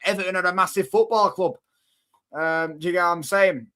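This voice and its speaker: A man's voice: high-pitched, fairly even intonation, fairly quick, sharp tone. A young man with a Manchester accent casually bantering with viewers on a football livestream, teasing and cocky, full of slang. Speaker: football channel host reading live chat.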